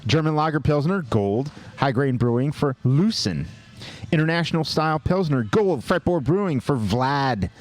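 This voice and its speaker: Lively joking man reading a list. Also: a little high. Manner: jokey, rattles through lists with quick asides. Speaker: podcast co-host. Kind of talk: casual chat, reading award lists.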